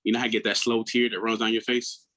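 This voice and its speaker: A man in his thirties, a podcast guest, telling his own story in a candid, earnest way, often restarting his words and acting out what others said in a higher voice. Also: level tone, fast talker, bright, forceful tone, poor audio. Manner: acts out quoted people in a raised voice.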